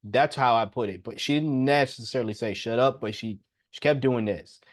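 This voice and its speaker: A young man hosting a podcast, telling a personal story in a casual, animated way and often laughing as he talks. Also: moderate pace. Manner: animated, jumps into higher voice when quoting himself. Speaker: podcast host.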